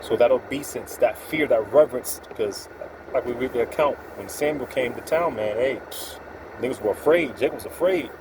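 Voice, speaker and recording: A man's voice: medium pitch, moderate pace. Profane streetwise preacher man, noisy room. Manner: streetwise, profane, emphatic preaching with scripture quotes. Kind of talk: informal religious talk.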